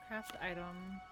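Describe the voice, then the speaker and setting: A woman live-streaming a game, chatting in a rambling, jokey way and swearing casually as she plays. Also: on the high side. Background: game music.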